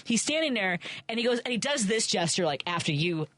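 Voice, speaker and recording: A woman from Chicago hosting a radio talk show, telling a story in an animated, fired-up way. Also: fairly high pitch, brisk, dry recording. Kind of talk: casual radio chat. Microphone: studio mic.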